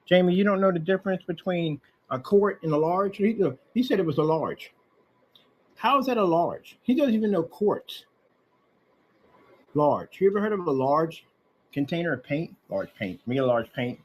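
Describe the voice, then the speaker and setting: Husky, sarcastic man ranting. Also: high-pitched, lively intonation, moderate pace, a little mellow, rough recording. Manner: mocking, sarcastic, with scornful repetition; talks straight at the person he is ranting about. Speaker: online seller ranting about a customer. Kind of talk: ranting commentary over emails and receipts.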